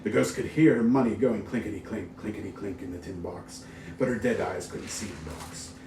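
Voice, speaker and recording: A man's voice: fairly low pitch, normal speed. A man reading a ghost story aloud, dramatic and full of sound-effect words. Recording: roomy, distant mic with faint hiss.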